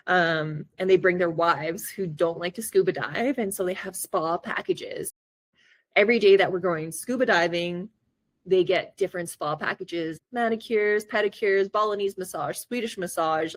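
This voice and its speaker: Podcast co-host, woman, lowish voice, dry close sound, chatty storyteller who acts out her reactions. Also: dry recording. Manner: chatty, lots of "like" fillers. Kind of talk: casual storytelling.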